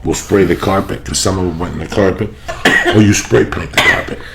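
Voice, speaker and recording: A man hosting a podcast, loud and profane, telling rambling stories in casual chat in a studio. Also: deep voice, brisk, slight background noise. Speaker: podcast host.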